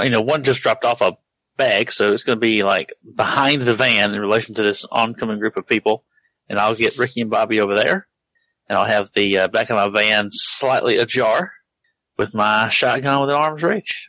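A man's voice: on the low side, normal speed, bright, forceful tone, no room sound, low-quality recording. A man playing a tabletop role-playing game, talking in a laid-back, rambling way. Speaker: player. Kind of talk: casual tabletop game play.

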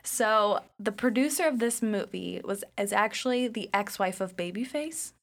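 A woman's voice: mid-range voice, lively intonation, normal speed. Woman podcast co-host, casual chat, enthusiastic trivia-sharer with a mid-range voice. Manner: enthusiastic, detailed, trivia-heavy. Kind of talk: casual pop-culture chat.

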